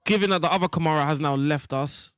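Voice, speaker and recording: A man's voice: fairly high pitch, quick pace, clear, resonant tone, dry recording, clean studio sound. A young man giving rambling, jokey commentary while playing a football management game. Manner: rambling, jokey, talks to chat. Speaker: gaming streamer. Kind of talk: casual gameplay commentary.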